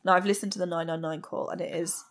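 A woman's voice: lowish voice, fairly even intonation, quick pace. A woman hosting a true crime podcast, recounting a case in a plain-spoken, blunt way with frank asides. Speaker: podcast host.

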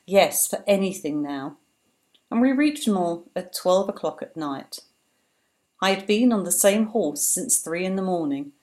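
A woman's voice: fairly low pitch, a little mellow. A woman giving a dramatic reading of a memoir in an impassioned, anguished voice.

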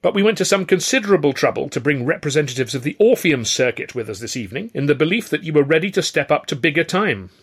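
A pompous male agent , as a man puts him on, sneers in a haughty, theatrical voice. The pitch sits raised and swings in a lively way, and the delivery lands firm and loud. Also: fast talker, hardly any pauses, breathy edge. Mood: scornful.

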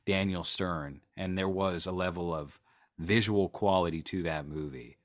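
Man, very deep voice, rambling sarcastic podcast host, casual chat. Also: unhurried.

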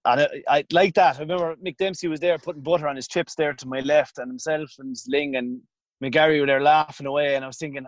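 A former hurling goalkeeper with an Irish accent, his fairly high voice moving fast with fairly even intonation, recounts long anecdotes in a relaxed interview with frequent restarts. The audio is dull with no echo.

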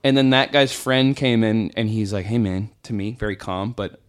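A man's voice: fairly low pitch, moderate pace, clear, resonant tone. Man telling a dry, quippy story. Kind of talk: casual podcast chat.

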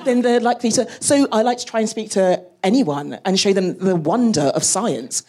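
A woman space scientist speaking as a guest on a live panel, animated and often laughing between phrases. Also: medium pitch, normal speed, some chatter behind.

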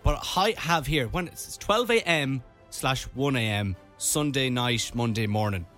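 A man from Ireland co-hosts a casual radio chat, reading things aloud and riffing on them playfully. His voice is bright, and his pitch sits a little high and moves a lot. Faint music plays underneath. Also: lively intonation, measured pace. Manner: playful, reading out items with commentary. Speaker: radio host.

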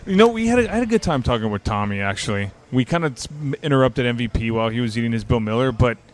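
A man in loose podcast banter who keeps the questions coming and teases his co-host. He talks quickly, with a middle-pitched voice. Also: animated. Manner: asks question after question, teasing. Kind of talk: casual chat. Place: walking around a wrestling fan event.

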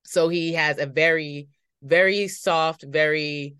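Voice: medium pitch, steady tone, takes it slowly, fairly bright tone, clean tone, no room sound, clean studio sound. A podcast host chatting casually, thinking aloud as they share a story. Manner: thinks aloud with fillers and restarts.

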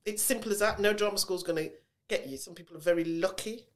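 A woman's voice: mid-range voice, fast. A middle-aged woman with a Birmingham accent, chatting animatedly as an interview guest. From Birmingham, England. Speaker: guest actress. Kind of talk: casual interview chat. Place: podcast recording venue.

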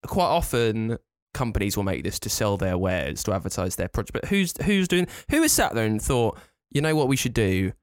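A man's voice: lowish voice, big pitch swings, normal speed, few pauses, no echo, clean studio sound. A man co-hosting a podcast in casual chat, ranting with exasperation. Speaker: podcast co-host.

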